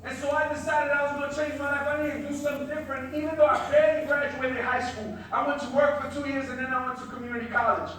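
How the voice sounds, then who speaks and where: A man's very high voice carries an impassioned motivational speech, sometimes swelling to loud emphasis. He is picked up from a distance in a very echoey hall, with faint noise behind. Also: flat delivery, fast talker, hardly any pauses. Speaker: motivational speaker and social worker.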